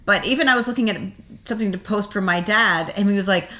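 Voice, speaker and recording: A woman in her fifties from Boston, co-hosting a podcast in casual chat and telling animated stories in which she acts out the people she quotes. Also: medium pitch, quick pace. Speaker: podcast co-host.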